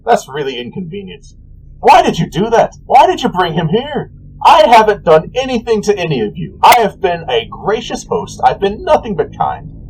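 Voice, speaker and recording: A man's voice: medium pitch, wildly swooping pitch, fairly quick, a little hiss or hum, poor audio. A man voicing a smug, chatty male trickster god who talks in an offhand, self-important way. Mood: aggrieved.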